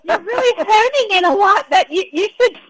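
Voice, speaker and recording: A woman with a very high voice co-hosting a podcast. She teases the other hosts in an easy, laughing way. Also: lively intonation, normal speed, crowd noise. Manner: teasing, laughs often. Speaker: podcast co-host. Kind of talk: casual banter.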